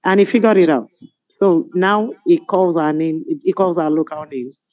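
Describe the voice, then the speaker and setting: A middle-aged Nigerian woman on a webinar panel, telling stories in an animated, amused way over a video call. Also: lowish voice, normal speed, no room sound. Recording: dull lo-fi video call audio.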